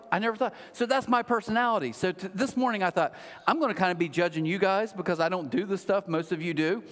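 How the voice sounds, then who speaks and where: A middle-aged man preaching a sermon as a pastor, humorous and animated with mocking asides. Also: high-pitched. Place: large church auditorium. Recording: long hall reverb.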